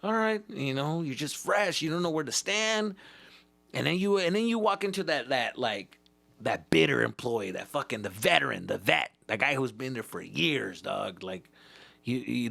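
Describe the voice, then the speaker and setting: A man's voice: medium pitch, expressive, normal speed, vocal fry, fairly bright tone, no room sound. A male comedian hosting his podcast, telling a rambling, profane story and acting out the voices of the people in it.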